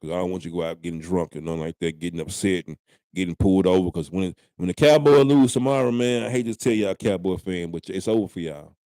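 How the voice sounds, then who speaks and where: A man's voice: low voice, fast talker, warm tone, no echo, clean studio sound. A young man hosting a live stream, trash-talking rival fans in casual banter with drawling repeats. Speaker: live-stream host, sports fan.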